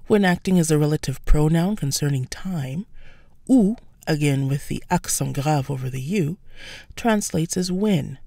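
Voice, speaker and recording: A woman giving a scripted language lesson, explaining words slowly and carefully with French examples. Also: low voice, lively intonation, creaky, warm tone, no room sound, clean studio sound. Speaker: French teacher.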